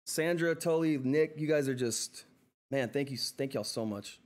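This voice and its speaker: A man's voice: mid-range voice, unhurried. A man hosting a live stock-trading stream, flustered and effusive, thanking viewers again and again and laughing often. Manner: excitable, flustered exclamations. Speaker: livestream host reading viewer chat. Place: seated in a chair at home.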